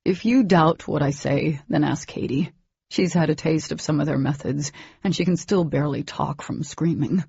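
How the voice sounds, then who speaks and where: Brief: woman doing a grave young man, earnest and pressing, husky, dull lo-fi. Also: low-pitched, moderate pace, warm tone, no echo, full character voice. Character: intense young man, grave older brother. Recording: dull lo-fi recording.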